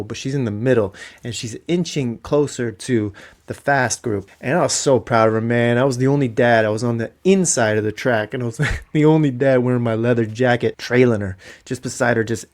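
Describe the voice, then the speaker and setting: Excitable Canadian man telling stories. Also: medium pitch. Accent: Canadian English. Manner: rambling, excitable, swears freely. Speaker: podcast host. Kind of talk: casual solo podcast storytelling.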